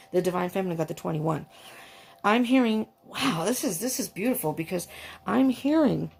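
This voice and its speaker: A woman doing a tarot reading, talking in a gushing, excitable way, often breaking off with exclamations and restarting her sentences. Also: medium pitch, gravelly. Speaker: tarot reader.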